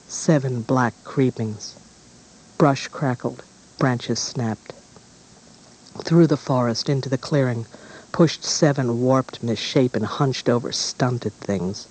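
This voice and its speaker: A man narrating a dark fairy tale in a measured, deliberate storytelling manner. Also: mid-range voice, low-quality recording.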